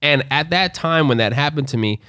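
A man's voice: fairly high pitch, animated, a little fast, bright, forceful tone, dry recording, clean studio sound. A young man casually telling a story, loose and profane, acting out quotes along the way.

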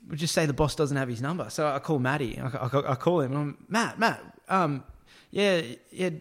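A man's voice: mid-range voice, fast talker. A man telling a casual anecdote about work, with crude slang, acted-out quotes and frequent laughs. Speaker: storyteller, construction worker.

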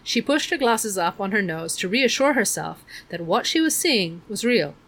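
A woman narrating an audiobook in a middle pitch. Her reading is measured and expressive throughout.

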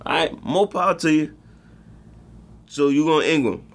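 A man's voice: a little high, lively intonation, normal speed. A man co-hosting a casual sports chat, loose and joking with plenty of profanity. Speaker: podcast co-host.

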